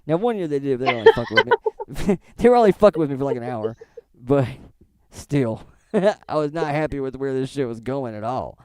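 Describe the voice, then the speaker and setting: A man cohosting a casual stream chat, telling loud, profane stories and dropping into high mocking voices. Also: very animated, fairly quick, no room sound, studio quality. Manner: loud, swearing storyteller who jumps into high mocking voices. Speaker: stream co-host.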